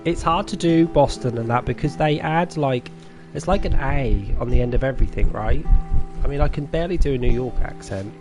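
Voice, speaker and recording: A man's voice: medium pitch, brisk, over music. A man with a Norfolk English accent chatting casually with viewers while streaming a farming game, chatty and self-deprecating, laughing often. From England.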